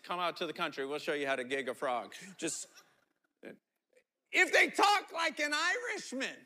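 A man preaching a sermon as pastor, telling animated stories and often repeating his words. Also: a little high.

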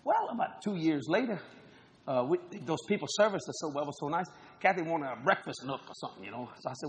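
A male pastor telling a humorous story in a sermon, animated and laughing often as he acts out voices. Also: fairly high pitch, quick pace. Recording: noisy live recording.

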